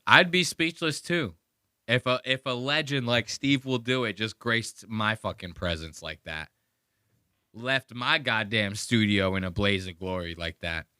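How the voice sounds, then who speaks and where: A man's voice: lowish voice, unhurried, sharp tone, smooth, no room sound, studio quality. A man hosting a podcast, ranting and mocking in profane, casual commentary on a clip he plays. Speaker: podcast host.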